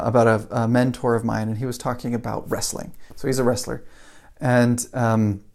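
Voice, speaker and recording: A man's voice: mid-range voice, vocal fry, darkish tone. A man giving a casual motivational talk, telling a story and building it up with repeated phrases. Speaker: motivational speaker.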